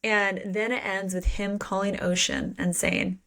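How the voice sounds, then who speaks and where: A woman's voice: medium pitch, fairly even intonation, measured pace, vocal fry, fairly bright tone. A woman co-hosting a podcast, recapping a book in casual chat with playful swearing and mock quotes. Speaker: podcast co-host.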